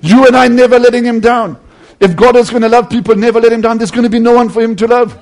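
A man with a very high, steady voice preaches fast. His sermon swings between loud, emphatic passages and hushed near-whispers, and he earnestly calls his listeners friends.

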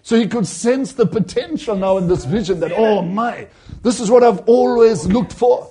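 A man's voice: high-pitched, moderate pace, warm tone. A man preaching a sermon, retelling a vision and acting out the voices in it with rising emphasis.

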